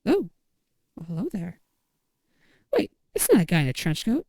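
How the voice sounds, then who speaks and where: A woman's voice: fairly low pitch, huge pitch swings, normal speed, warm tone, no echo. A woman giving casual commentary over a video game, reading out game text with wry, amused asides. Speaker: let's play host. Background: faint game music.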